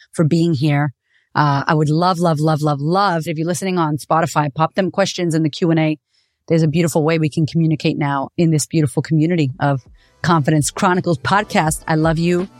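A woman's voice: low-pitched, a little mellow, no room sound, clean studio sound. A woman hosting a podcast, telling a personal story in a raw, profane, confessional way. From United States. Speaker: podcast host.

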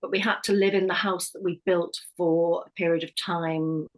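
A woman's voice: lowish voice, fairly even intonation, normal speed, poor audio. A middle-aged woman, a hypnotherapist and life coach, sharing a personal story as a podcast guest, speaking candidly and often restarting her sentences. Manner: candid, with frequent restarts and self-corrections.

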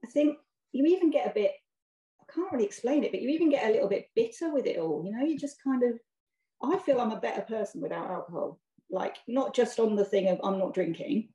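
A chatty English woman in her forties talks quickly in a mellow, darker tone. She laughs a lot and keeps checking in with little tag questions. Her voice rings a bit in an echoey room over a video call. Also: on the high side, lively intonation, lo-fi sound. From England. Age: 40s. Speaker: podcast guest. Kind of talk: casual chat.

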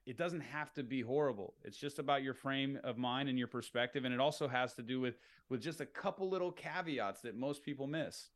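A middle-aged man as a podcast guest, explaining sales tactics in an animated way and acting out phone calls in upbeat voices. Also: medium pitch, fairly quick, few pauses. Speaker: real estate entrepreneur guest.

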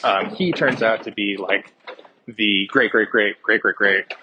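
A man's voice: on the low side, fairly even intonation, a little slow, noisy background. A man recapping a movie plot in a casual, rambling way, swearing freely and trailing off into fillers and restarts. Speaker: podcast movie reviewer.

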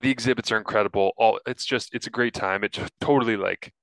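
A man's voice: lowish voice, fairly even intonation, fast, creaky, fairly bright tone, no room sound. A man in his thirties, a podcast co-host chatting casually and telling stories with a self-deprecating laugh; he has a cold and a cough. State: sick with a cough. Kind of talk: casual chat.

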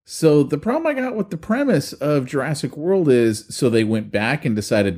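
A man's voice: on the high side, sing-song, normal speed, a little mellow. A man co-hosting a podcast in casual chat, bantering and rambling on as he makes his points. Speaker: podcast co-host.

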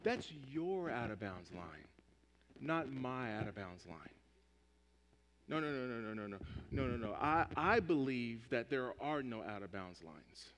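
A stubborn ball player grumbles his own rules in a deep, hushed, dismissive mutter, as a preacher puts him on. His voice sits far below a normal speaking voice, and it rings out in a large reverberant hall. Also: sing-song, a little slow.

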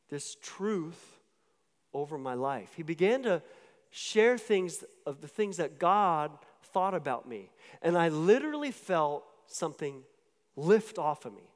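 A man's voice: a little high, very animated, slow. A man preaching a sermon, telling a personal story in a loose, conversational way, often restarting his words and talking straight to the listeners. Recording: long hall reverb.

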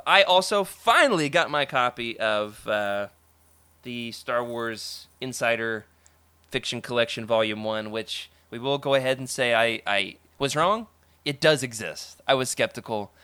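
A man's voice: medium pitch, moderate pace, clear, resonant tone, dry recording. Podcast host, man, upbeat and chatty, dry close sound. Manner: enthusiastic, animated, laughs often. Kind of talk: casual podcast chat.

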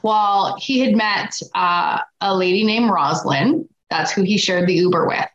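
A woman guest in casual conversation, telling a long personal story with lively quoted voices. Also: mid-range voice, unhurried. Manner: animated, acts out quotes. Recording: echoey room, dull lo-fi sound.

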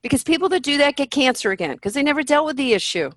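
Speaking fast with lively intonation, this podcast guest's voice sits high, and the recording has no echo. In her candid interview she's blunt and animated, cursing freely and imitating what others say.

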